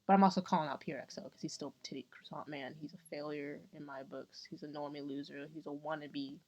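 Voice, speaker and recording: A woman in casual chat, ranting and joking in a loud, profane, slangy way, with a squeaky, nasal voice and added echo on her mic. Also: fairly even intonation, quick pace.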